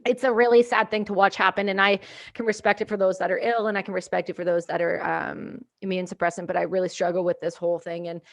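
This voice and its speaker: A woman from Canada hosting a podcast, telling stories in an animated way and acting out what people said. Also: lowish voice, fast, creaky. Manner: animated storyteller, acts out quotes, swings loud. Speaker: podcast host. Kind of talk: casual podcast chat.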